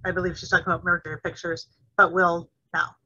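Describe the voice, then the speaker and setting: A woman co-hosting a book club over a video call, talking in a brisk, practical way about upcoming plans. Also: lowish voice, flat delivery, bright, forceful tone, husky, dry recording. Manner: brisk, practical scheduling talk. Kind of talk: casual book club chat. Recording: dull lo-fi video call audio.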